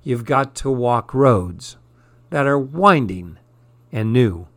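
A man hosting a radio program, reading children's stories and poems aloud with expressive delivery. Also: medium pitch, slow, no echo.

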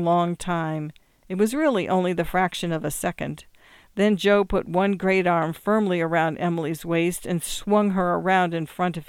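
Measured woman reading a story. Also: lowish voice, clean tone, no room sound, clean studio sound. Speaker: audiobook narrator. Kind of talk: storybook narration.

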